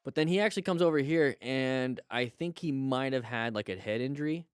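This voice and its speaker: A man hosting a live stream, reviewing motorcycle crash videos and coaching viewers with lively exclamations. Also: mid-range voice, brisk, smooth, no room sound, studio quality.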